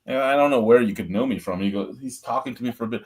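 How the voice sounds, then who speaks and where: A man's voice: mid-range voice, quick pace, darkish tone, breathy edge. A middle-aged man hosting a beer review show, telling stories in a blunt, profane, rambling way. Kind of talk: casual storytelling chat.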